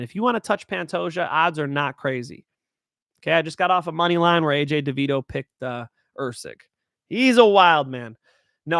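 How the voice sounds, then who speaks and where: A man hosting his own show, chatting casually about fight picks in a hype-driven way, swinging between loud and soft. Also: fairly high pitch, no room sound, studio quality. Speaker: show host. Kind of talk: casual fight-pick talk.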